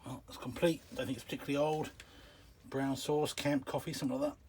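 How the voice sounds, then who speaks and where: A vlogger films himself on a handheld camera while digging out an old shelter in an outdoor pit, chatting casually, muttering asides, and trailing off. He's out of breath from bending. His mid-range voice is flat, fast, and a little mellow, with slight hiss or hum.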